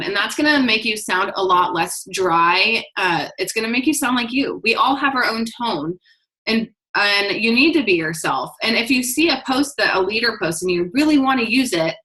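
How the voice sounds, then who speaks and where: A young woman talking straight to camera in a casual, frank way, full of ums and restarts. Her voice sits mid-range for a woman and has a bright tone. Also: medium pitch, rough recording. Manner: frank, plain-spoken, many fillers and restarts. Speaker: direct-sales business vlogger. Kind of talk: casual advice talk to camera.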